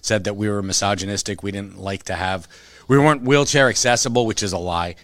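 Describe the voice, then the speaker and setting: A man co-hosting a casual podcast, telling a story with animated retelling and free swearing. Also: lowish voice, a little fast, dry recording. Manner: animated storytelling, acts out quotes, swears freely. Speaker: podcast co-host, comic shop worker. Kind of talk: casual chat.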